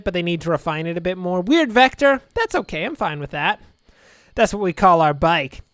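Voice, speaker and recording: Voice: mid-range voice, clear, resonant tone, dry recording, clean studio sound. A video game let's-play host giving casual commentary and reading the dialogue aloud, with sarcastic, wry asides.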